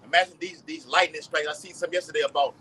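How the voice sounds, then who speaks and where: A man with a Southern US accent reading scripture aloud and preaching outdoors, slow and loud. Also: on the high side, steady tone, a little hiss or hum, low-quality recording. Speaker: street preacher.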